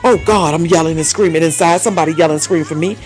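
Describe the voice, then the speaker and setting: Man preacher, high voice, fervent sermon with laughter and tongues, light music under. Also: rapid-fire. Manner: exhorting, laughing, breaking into tongues. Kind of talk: fiery sermon.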